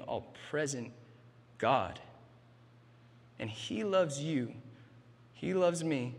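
Emphatic husky pastor in a big hall. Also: male voice, fairly high pitch, fairly bright tone. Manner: emphatic, repeats "man", frequent restarts. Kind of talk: sermon.

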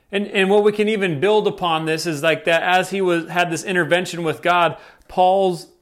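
A man's voice: on the high side, a bit bright. A young man preaching a casual, conversational sermon, acting out quoted voices with plenty of likes and fillers. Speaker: pastor.

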